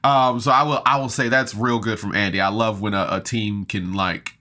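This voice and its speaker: A man's voice: on the low side, steady tone, moderate pace, bright, forceful tone. A man casually recapping a tabletop game episode on a podcast, chatty and enthusiastic, with laughs and fillers. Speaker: podcast reviewer.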